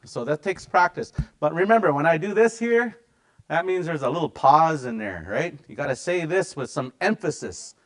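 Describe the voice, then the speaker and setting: A middle-aged man teaching a language class in a relaxed, chatty way. He slowly repeats words for the learners to practice. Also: on the high side. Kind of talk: casual language lesson.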